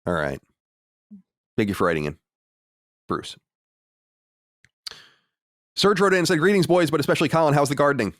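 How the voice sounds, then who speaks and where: A man's voice: on the high side, wildly swooping pitch, moderate pace, pauses often, dry recording. A man hosting a podcast in casual chat, reading listener mail with playful, mock-boastful banter. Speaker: podcast host. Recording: dry close mic.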